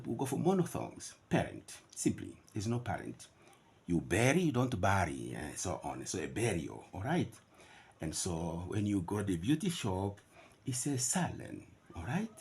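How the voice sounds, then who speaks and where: Gravelly, husky male pronunciation teacher. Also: fairly low pitch, darkish tone. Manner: emphatic, contrasts right and wrong pronunciations. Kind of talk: pronunciation lesson.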